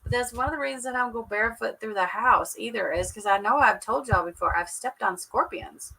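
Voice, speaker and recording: A woman's voice: fairly high pitch, fairly quick, vocal fry, sharp tone, husky, poor audio. A woman chatting casually with viewers on a home livestream, laughing often and saying "y'all". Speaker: livestream host. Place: at home indoors. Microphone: computer webcam mic.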